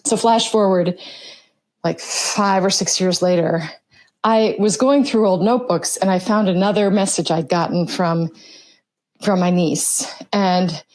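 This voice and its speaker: A woman's voice: lowish voice, unhurried, a little mellow, dry recording. A woman writer telling a personal story about signs from the spirit world, reflective and acting out what others said. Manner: reflective, acts out quoted voices.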